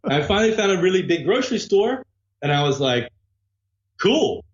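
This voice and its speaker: A man, a guest musician, telling lively anecdotes in casual conversation and mimicking the people in them. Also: sits high, fast, reverberant, dull audio. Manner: animated, imitates voices in anecdotes. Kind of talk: casual storytelling chat. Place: abroad in a Spanish-speaking country.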